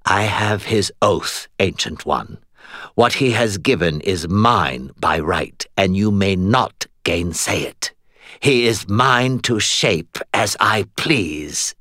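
A man voicing a cold, ancient female fae queen who speaks in a slow, measured hiss. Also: sits low, lively intonation, fairly bright tone, dry recording, clean studio sound, full character voice. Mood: imperious. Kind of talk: audiobook character voice.

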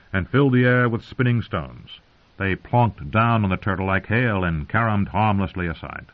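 Grave male fantasy narrator, low voice, lo-fi phone-like sound. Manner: measured, grave storytelling. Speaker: audiobook narrator. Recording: tinny phone-like audio.

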